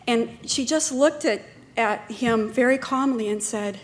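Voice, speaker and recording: A woman's voice: on the high side, normal speed, slight background noise. A woman giving a talk at a conference, speaking in a chatty way with many fillers and restarts. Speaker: conference presenter. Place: conference room.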